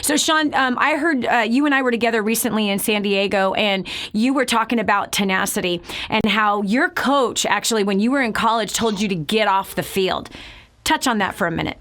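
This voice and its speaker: A woman hosting a talk show who keeps affirming her guest with short yeses and introduces him briskly. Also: mid-range voice, a bit bright. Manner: affirms often with short yeses, then reads a promo briskly. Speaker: host.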